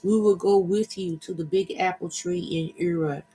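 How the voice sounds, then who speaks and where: A pack of underworld demons gives orders, as a man reads them. The delivery is commanding. The voice sits high. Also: steady tone, normal speed, dark tone, slightly rough, poor audio.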